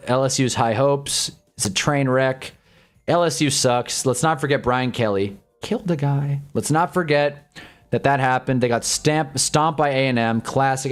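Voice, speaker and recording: Animated young man ranting about football. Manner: swings from loud ranting to low mumbling, swears often. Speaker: sports streamer. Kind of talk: casual livestream chat reading fan comments.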